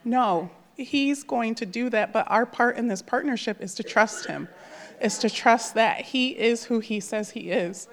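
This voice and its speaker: An unhurried, fairly high-pitched woman in her thirties tells her personal testimony at church. She speaks earnestly and emotionally from the heart, leaning on many fillers.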